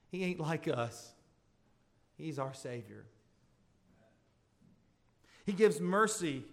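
A man preaching a sermon as pastor, swelling into emphatic appeals and dropping into soft, intimate asides. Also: on the high side.

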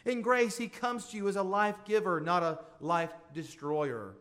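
Pastor preaching to his congregation: a man with a fairly high voice, earnest, rising emphasis, soft confiding asides. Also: measured pace. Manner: drops to soft intimate asides. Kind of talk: sermon.

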